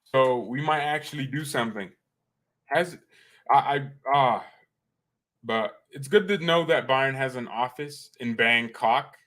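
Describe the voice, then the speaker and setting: Excitable rambling man on a stream. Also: medium pitch, a little slow. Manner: excitable, joking, jumps between calm and loud outbursts. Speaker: fan channel host reading chat on a live stream. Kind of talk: rambling live-stream chat.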